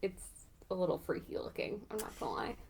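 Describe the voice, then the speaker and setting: A woman's voice: medium pitch, a little fast, creaky, a little mellow, husky. A young woman co-streaming a game, chatting casually and laughing often.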